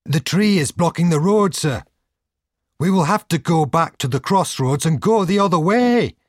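A man's voice: lowish voice, big pitch swings, takes it slowly, a little mellow, slightly rough, dry recording, studio quality, heavily acted. A man reading an earnest, loyal coachman. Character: loyal, gentle male coachman.

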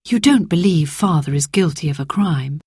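A sorrowful, gentle mother speaks in a low, measured voice, as a woman reading a storybook voices her. There is a husky, breathy edge to her words, heard close and dry. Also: expressive, no echo. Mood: sad calm.

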